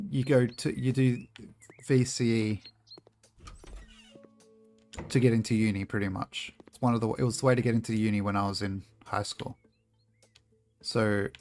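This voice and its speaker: Young aussie streamer bloke, jokey and sweary, faint music behind. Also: male voice, medium pitch, darkish tone. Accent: Australian. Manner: loose and joking, swears freely, laughs often. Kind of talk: casual gameplay commentary, chatting with viewers.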